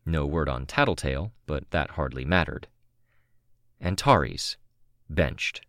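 Deep, slow male audiobook narrator. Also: no echo, studio quality. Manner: calm, measured, first-person reading. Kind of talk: scripted narration of a novel.

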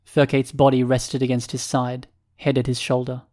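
This audiobook is read by a man at medium pitch, his scripted narration delivered in a steady, measured way.

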